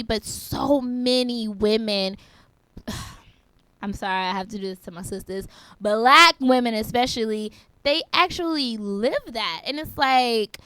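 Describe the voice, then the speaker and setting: A chatty woman co-hosting a podcast, her voice smooth and a little high. She thinks aloud, circling back and repeating herself as she talks. The sound is dry and close, with no room around it. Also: measured pace, fairly bright tone, dry recording. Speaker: podcast co-host. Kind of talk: casual chat.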